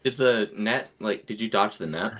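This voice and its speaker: Low-voiced male player, vivid. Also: moderate pace, fairly bright tone. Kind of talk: casual tabletop game play.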